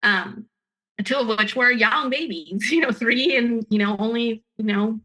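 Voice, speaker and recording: Bright, earnest woman telling her story. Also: on the high side, measured pace, poor audio. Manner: earnest and emphatic, with frequent restarts. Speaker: guest sharing her story. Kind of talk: personal storytelling.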